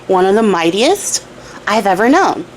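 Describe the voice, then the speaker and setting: A woman voicing a big, slow-witted male giant who talks in a laid-back, dopey bro manner. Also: mid-range voice, big pitch swings, a little hiss or hum, voice pushed down, close to an everyday voice. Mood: impressed.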